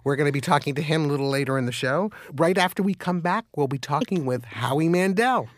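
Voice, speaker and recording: A man's voice: fairly high pitch, fast talker, no room sound, studio quality. A man co-hosting a casual radio talk show who tells jokes animatedly and restarts his sentences. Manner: animated joke-telling with hesitant restarts. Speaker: co-host.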